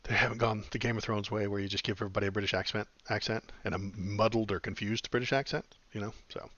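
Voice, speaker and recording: A man's voice: lowish voice, fairly even intonation, fast, sharp tone, dry recording, highs cut off. A man hosting a podcast in casual chat, rambling and wry with lots of fillers. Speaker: podcast host.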